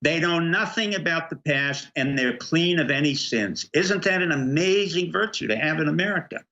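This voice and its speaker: A man's voice: fairly high pitch, lively intonation, moderate pace, sharp tone, highs cut off. A middle-aged man, a guest on a political talk show, speaking emphatically and firing off rhetorical questions. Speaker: guest commentator.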